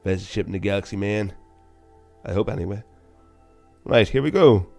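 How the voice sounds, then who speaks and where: Man, low voice, game commentary. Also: moderate pace, vocal fry, faint music behind. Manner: casual, self-mocking, bursts of loud excitement. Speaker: gaming channel host.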